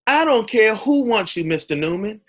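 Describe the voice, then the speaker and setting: A man voicing a stern, dismissive male HR chief who coldly refuses to hire him, in a lowered voice. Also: big pitch swings, normal speed, slight background noise.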